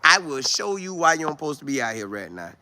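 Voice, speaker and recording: Man doing personified Time, stern scold, taunting, quiet low delivery, slightly high voice. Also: very animated, fast, no room sound, full character voice.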